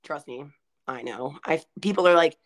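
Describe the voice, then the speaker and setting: A woman's voice: low voice, normal speed. A woman co-hosting a podcast, chatting in a reflective way and laughing often. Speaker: podcast co-host. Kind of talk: casual chat.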